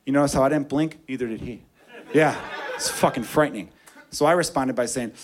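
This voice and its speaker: A man telling a stand-up story, profane and animated, dropping low and hushed then getting loud. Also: fairly quick. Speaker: stand-up comedian.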